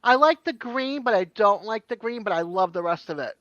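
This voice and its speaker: A woman's voice: mid-range voice, expressive, brisk, fairly bright tone, dry recording. A woman chatting as a guest on a live stream over a video call, rambling with lots of ums. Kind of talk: casual chat. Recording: dull lo-fi stream audio.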